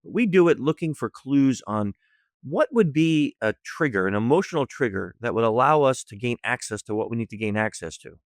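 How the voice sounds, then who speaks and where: An American man sits close to a dry, dead microphone and tells his story with real relish. His voice is mid-pitched, and he keeps jumping up and down in tone to act out each person in the tale. He laughs easily as he goes. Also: brisk, no echo. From United States. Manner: lively storyteller acting out dialogue, laughs often. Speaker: guest, social engineer. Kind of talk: animated storytelling in a podcast interview.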